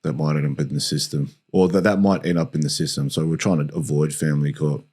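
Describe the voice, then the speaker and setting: A man's voice: extremely low pitch, steady tone, fast talker, a little mellow, slightly rough. A man hosting a podcast, laid-back and supportive, asking questions and offering short affirmations. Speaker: podcast host. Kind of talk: casual interview chat.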